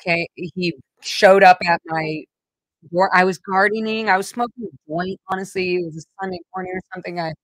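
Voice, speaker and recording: A woman's voice: on the low side, brisk, no echo, rough recording. Rambling emotional woman vlogger, dry sound. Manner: rambling, emotional, many fillers and restarts. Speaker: vlog host. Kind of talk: casual personal storytelling.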